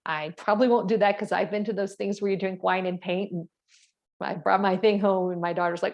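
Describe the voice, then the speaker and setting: A woman's voice: medium pitch, steady tone, a little fast, darkish tone. Chatty middle-aged woman presenting travel plans. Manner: chatty, rambling, with fillers and self-corrections. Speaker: travel agent presenting a group cruise. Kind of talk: casual presentation to clients.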